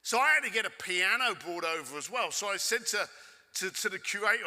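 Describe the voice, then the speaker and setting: Man with London accent, high voice, very bright tone, cheeky keynote story, long hall reverb. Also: a little fast. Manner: animated, cheeky, swears casually. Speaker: keynote speaker. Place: conference hall stage with audience.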